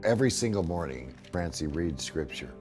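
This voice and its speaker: Folksy older man, deep voice, emotional. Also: animated, normal speed, over music. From United States. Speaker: reality TV bounty hunter. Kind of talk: casual video diary chat.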